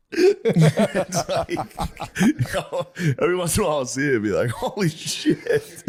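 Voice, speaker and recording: A man's voice: on the high side, sing-song, normal speed, darkish tone, husky. A man in his thirties, a podcast co-host, teasing his friend with profane banter in casual chat.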